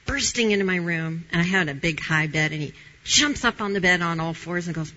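A woman's voice: on the low side, fairly quick, dull audio, noisy background. A middle-aged woman giving a candid Christian testimony on a talk show, telling her story with animation and frequent laughs. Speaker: guest sharing testimony.

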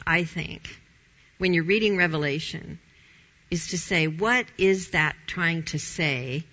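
A woman's voice: fairly low pitch, bright, forceful tone, dull audio. A woman giving a conversational Bible teaching in an informal, emphatic way, repeating her key phrases.

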